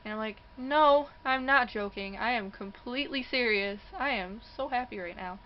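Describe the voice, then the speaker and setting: A young woman vlogger, speaking in a fairly high voice at a normal pace, tells a personal story for her casual vlog, animatedly acting out the voices of the people in it and laughing often. The sound is lo-fi, recorded indoors near a passing train.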